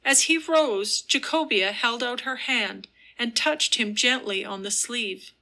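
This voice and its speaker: Woman audiobook narrator, measured soft telling, slow pace, bright tone. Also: fairly high pitch.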